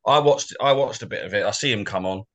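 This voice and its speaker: A man's voice: lowish voice, fast, fairly bright tone. A man, co-hosting a podcast and telling rambling stories about football. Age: 40s. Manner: rambling, anecdotal, laughs easily. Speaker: co-host. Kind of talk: casual football chat.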